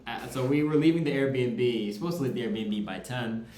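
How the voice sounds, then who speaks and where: A young man chatting as a podcast co-host, relaxed and a bit halting. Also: medium pitch, slight background noise. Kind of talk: casual chat. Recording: roomy echo.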